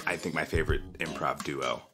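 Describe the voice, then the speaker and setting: Bright-voiced playful man co-host. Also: a bass voice, brisk, faint music behind. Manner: playful, lively delivery. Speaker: podcast co-host. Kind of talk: casual comedic chat.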